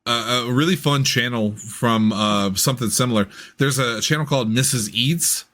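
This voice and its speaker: A man's voice: medium pitch, normal speed, a bit bright, a little hiss or hum. A man hosting a casual comedy podcast, playful and joking with his co-host. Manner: playful, mock-announcer delivery.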